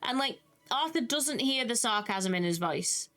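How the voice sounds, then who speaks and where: A woman's voice: on the high side, measured pace, faint music behind. Chatty British woman narrating a game. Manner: chatty, animated, exasperated asides. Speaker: gaming YouTuber. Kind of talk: casual let's-play commentary.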